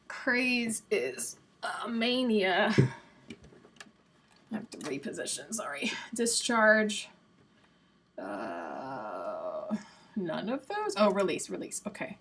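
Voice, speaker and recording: A woman's voice: medium pitch, husky. A woman from the United States hosting a livestream in a chatty, casual way, reading quiz answers aloud and laughing often. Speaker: livestream host.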